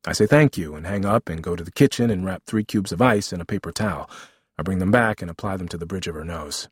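A man's voice: deep voice, fast, slightly rough, dry recording, clean studio sound. A man reading a memoir aloud as narrator, with a wry, vivid storytelling manner.

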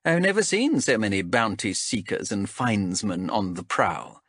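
A man's voice: on the low side, big pitch swings, a little slow, a bit bright, no echo, studio quality, full character voice. A male narrator voicing a shrewd, mocking female elf captain in a raised, sardonic voice. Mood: probing. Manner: sardonic, wheedling, menacing. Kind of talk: audiobook character voice.

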